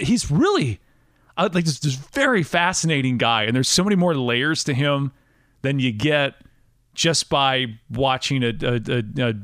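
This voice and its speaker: A male podcast host talks in loose, rambling casual conversation and laughs easily. His voice is bright and lively in pitch. The sound is dry and close to the mic. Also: dry recording. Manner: chatty and rambling, laughs often. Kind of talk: casual interview chat.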